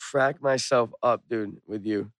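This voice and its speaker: A young man telling a rowdy story in casual chat, swearing, animated and getting loud. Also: medium pitch, measured pace, dry recording.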